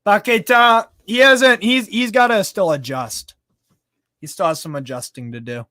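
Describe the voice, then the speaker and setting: A man hosting a casual live football stream. He reads out viewer comments in a chatty, excitable way, swears casually and laughs often. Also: high voice, moderate pace, no room sound, studio quality. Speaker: live stream host reading fan chat.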